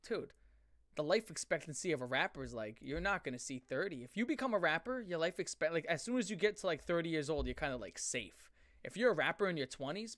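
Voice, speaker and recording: A man with a mid-range, fairly bright voice rants profanely on a live stream, reacting to chat. He rambles, swears heavily and often restarts his sentences, in a dry, studio-quality recording.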